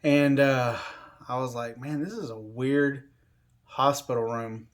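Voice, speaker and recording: A man's voice: medium pitch, steady tone, slow pace. A man casually telling a personal story in a rambling, conversational way, full of fillers like "you know" and "like.".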